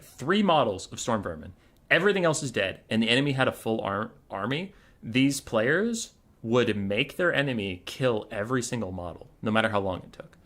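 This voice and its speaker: A man hosts a casual livestream with a bright, forceful voice and a mid-range pitch. He rambles, swears freely and launches into animated retellings. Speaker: streamer and tournament host.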